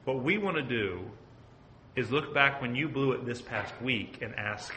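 A man's voice: mid-range voice, expressive, a little slow, pushed and bright, slight background noise. A man teaching a Bible study as pastor, earnest and asking his group questions. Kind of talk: conversational sermon. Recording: echoey room.

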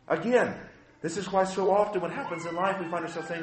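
A man preaching a sermon as a pastor, impassioned and shifting between quiet and loud passages. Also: high-pitched, brisk, reverberant.

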